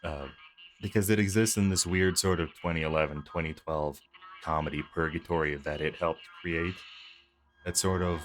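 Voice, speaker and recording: A man's voice: low voice, steady tone, normal speed, slight background noise. A man giving joking, sarcastic commentary over his gameplay. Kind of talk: let's play commentary.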